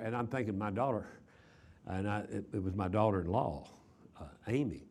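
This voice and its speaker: Older Texan preacher, folksy storytelling. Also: male voice, lowish voice, moderate pace, a little mellow, husky. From Texas. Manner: folksy, repeats words, many uh fillers. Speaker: traveling preacher. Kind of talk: chapel sermon with storytelling.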